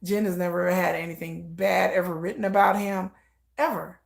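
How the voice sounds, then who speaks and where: A woman giving casual live reaction commentary, gossiping in an animated way and acting out quoted lines. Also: on the low side, moderate pace, creaky.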